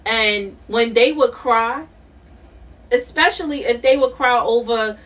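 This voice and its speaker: Woman, middle-aged, live tarot reader, high-pitched, emphatic, laughs often, slightly distant mic. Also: slow, a bit bright. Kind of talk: live-stream tarot reading.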